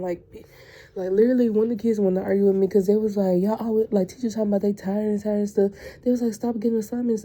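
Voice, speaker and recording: A woman's voice: mid-range voice, warm tone. A young woman, a teacher and coach, venting bluntly and profanely about her school year in a casual vlog.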